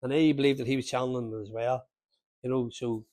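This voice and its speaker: A man's voice: mid-range voice, fairly even intonation, quick pace, a little mellow, dry recording. A man with a Northern Irish accent from Lurgan, talking about a recording in a hesitant, restarting way. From Northern Ireland. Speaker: speaker at a talk. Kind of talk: casual talk discussing a recording.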